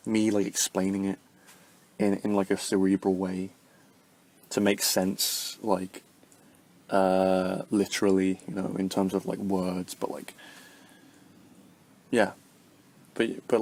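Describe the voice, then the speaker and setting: A man talking casually to the camera in a vlog, rambling with lots of fillers and acting out little conversations. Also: on the low side. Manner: rambling, heavy on fillers, acts out little dialogues; swings between lively bursts and soft murmurs. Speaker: vlogger.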